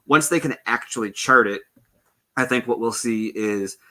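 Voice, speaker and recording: A man's voice: medium pitch, normal speed, pushed and bright. A man in a casual stream chat, talking things through thoughtfully with lots of ums and hedges.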